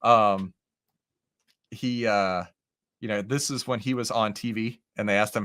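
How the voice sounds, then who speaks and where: A man's voice: a little high, normal speed. A man hosting a live stock-trading stream, chatting casually to viewers as he walks through charts and often asks "right?". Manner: lively, animated, talks with chat and charts; says "right?" and "okay?" often. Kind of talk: casual live market commentary.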